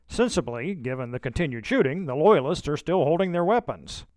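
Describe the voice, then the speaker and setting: A male narrator with a fairly high voice reads a historical account in a measured, storytelling way. The sound is dry and close, with no room around it. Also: very animated, darkish tone, no room sound.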